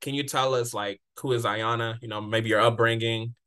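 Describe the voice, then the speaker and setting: A man hosts a podcast with a relaxed, encouraging manner, echoing his words as he nudges his guest along. His voice sounds bright and forward, at an ordinary pitch for a man. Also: moderate pace, clean tone. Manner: laid-back, encouraging, repeats words. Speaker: podcast host. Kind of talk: casual interview.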